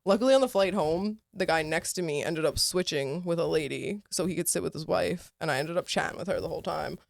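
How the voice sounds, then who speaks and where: A woman's voice: fairly low pitch, fast, gravelly. Woman yapping on a podcast, swears a lot, acts out everybody in her stories. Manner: swearing storyteller, acts out people in quotes; self-described yapper. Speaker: podcast co-host. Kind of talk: casual chat.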